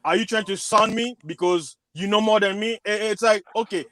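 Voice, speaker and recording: High-voiced man arguing in rambling loops. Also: a little fast, pushed and bright. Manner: rambling, repeats and restarts, argues with examples. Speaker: panelist. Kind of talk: panel debate.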